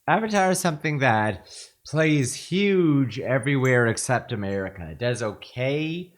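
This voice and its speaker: A man's voice: mid-range voice, expressive, a little slow. A man co-hosting a podcast, chatting in a casual, opinionated way with offhand fillers.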